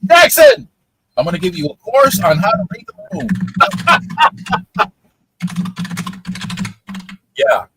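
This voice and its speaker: A man hosting a casual live stream, chatting with viewers in an animated way, laughing often and repeating his words. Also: high-pitched, quick pace, few pauses, background noise. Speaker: livestream host.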